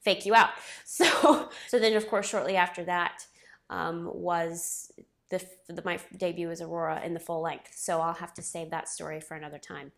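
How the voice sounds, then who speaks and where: A woman's voice: fairly low pitch, steady tone, moderate pace, creaky, fairly bright tone. A woman in her thirties, a former ballet soloist, telling a story casually, chatty and self-deprecating, acting out what others said.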